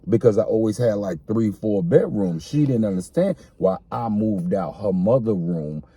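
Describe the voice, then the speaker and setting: A man's voice: lowish voice, lively intonation, moderate pace, warm tone, breathy edge. A man co-hosting a casual podcast conversation, speaking earnestly and repeating phrases as he explains. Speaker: podcast co-host.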